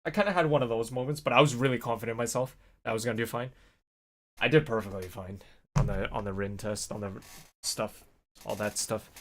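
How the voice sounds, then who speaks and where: A young adult man vlogs alone, speaking fairly quickly in a mid-range voice as he tells a long, casual story. It's packed with fillers and animated swearing-to-God asides.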